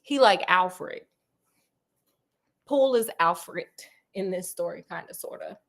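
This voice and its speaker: A woman retelling a classic story in a casual, comic way, animated and slangy, talking right to her audience. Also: lowish voice, slow, creaky.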